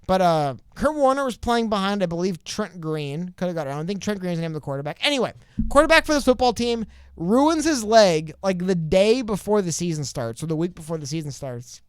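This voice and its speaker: A man co-hosting a casual political podcast, talking in a rambling, animated way with many asides and restarts. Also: high-pitched, fairly quick, clean tone, dry recording, clean studio sound. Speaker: podcast co-host.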